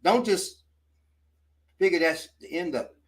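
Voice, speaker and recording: A man's voice: high voice, animated, unhurried, recorded from a distance. A man teaching self-defense, talking casually and coaching while he demonstrates moves.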